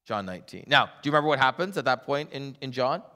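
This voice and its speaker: A middle-aged man preaching a sermon as a pastor, animated and acting out voices in his stories. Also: mid-range voice, fast talker. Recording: long hall reverb.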